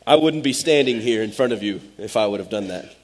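A man's voice: on the low side, animated, brisk, darkish tone. A man, preaching a sermon as pastor in a direct, conversational way. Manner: direct, conversational, Southern-tinged "y'all" asides.

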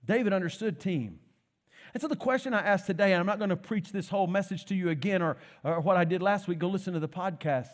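Male pastor, sermon, high voice, animated storytelling.

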